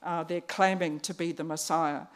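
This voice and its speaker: A woman preaching a conversational sermon, pausing on fillers and restarts. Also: sits low, fairly even intonation.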